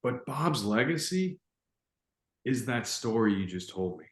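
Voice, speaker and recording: A man's voice: mid-range voice, big pitch swings, unhurried. A man hosting a podcast, reflective and informal in casual chat. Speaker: podcast host. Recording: echoey room.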